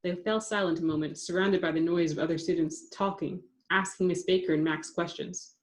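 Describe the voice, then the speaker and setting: Woman narrating an audiobook, low-pitched. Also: steady tone, a little fast. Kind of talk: scripted narration.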